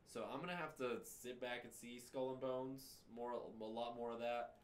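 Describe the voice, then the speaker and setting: A man hosting a casual podcast chat, laid-back, laughing often and trailing off quietly. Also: mid-range voice, steady tone, normal speed, a little hiss or hum. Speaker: podcast host.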